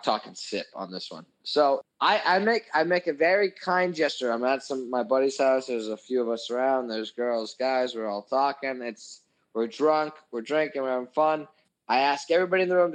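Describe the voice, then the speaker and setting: A young man telling a crude, profane story in a casual chat, animated and full of swearing. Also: medium pitch, normal speed, rough recording. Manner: animated, crude, swears a lot, voices his own anger. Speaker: podcast host telling a story.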